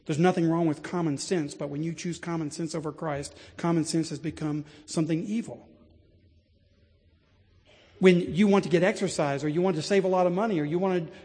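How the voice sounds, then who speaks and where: Earnest preacher in a reverberant church. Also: male voice, a little high, brisk. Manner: storytelling, earnest, builds to animated emphasis. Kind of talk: sermon. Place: large church sanctuary.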